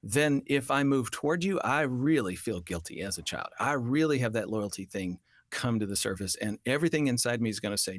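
A man's voice: medium pitch, lively intonation, fairly quick, hardly any pauses, no echo. A man talking as a family counselor on a radio show, earnest and explaining, now and then acting out what a child might say. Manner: earnest, acts out children's voices in quotes. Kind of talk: radio talk show conversation.

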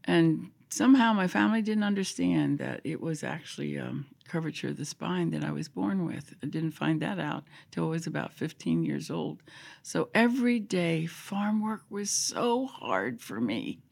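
Older woman, interview guest, emotional testimony, husky, fairly low voice. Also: big pitch swings, normal speed, a little mellow. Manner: emotional, sometimes dropping to a whisper.

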